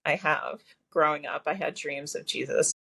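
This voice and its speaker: A woman's voice: sits low, normal speed, creaky, a bit bright, slightly rough. A woman guest telling a personal story in a podcast interview, talkative, with lots of fillers and restarts. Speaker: guest, massage therapist.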